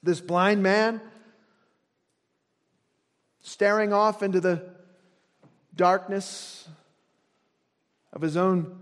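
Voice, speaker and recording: A man preaching a sermon as pastor, earnest, often dropping to a soft hush to drive a point home. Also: sits high. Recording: long reverb of a large hall.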